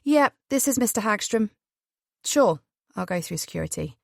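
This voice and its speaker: A smug, joking young man, as a woman narrator puts him on, dropping her voice into a wry, offhand drawl. The delivery stays lively in pitch and dry in sound. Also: a little slow, dry recording. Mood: cocky teasing.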